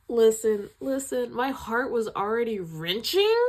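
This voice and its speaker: Female film reviewer, casual and animated, emotional with frequent sighs. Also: on the high side, slow, few pauses. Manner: emotional, sighing, animated retelling.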